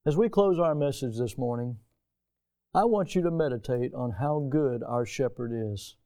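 Middle-aged American male pastor, sermon delivery, mellow and resonant, rises loud for emphasis then drops low. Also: normal speed. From United States. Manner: preachy, swings from soft and low to loud and high for emphasis.

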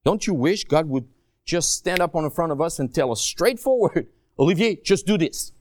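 A man preaching a sermon as a guest preacher, stretching key phrases out slowly and swinging from soft asides to raised, pleading lines. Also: on the high side, animated, dry recording, clean studio sound. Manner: slow, drawn-out emphasis on key phrases.

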